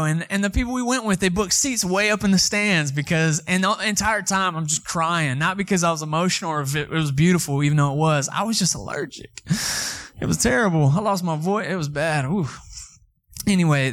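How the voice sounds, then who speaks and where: Man preaching, young, animated storyteller, a bit high-pitched. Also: brisk. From Atlanta, Georgia. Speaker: pastor. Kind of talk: sermon.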